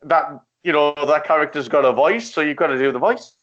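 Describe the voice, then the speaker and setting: A man co-hosting a casual chat, easygoing and halting, often restarting his sentences. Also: a little high, fairly bright tone, lo-fi sound. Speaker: podcast co-host.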